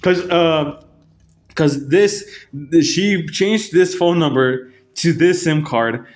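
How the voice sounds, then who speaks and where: A man casually telling a rambling story to camera, swearing often and restarting his sentences. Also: on the high side. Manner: rambling, profane, halting restarts. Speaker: vlogger.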